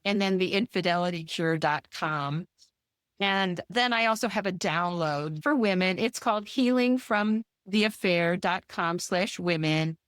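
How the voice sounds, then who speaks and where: A woman's voice: lowish voice, a little slow, a bit bright, smooth, no echo, clean studio sound. A woman being interviewed as a guest author, talking in an effusive, enthusiastic way with frequent restarts. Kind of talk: casual interview chat.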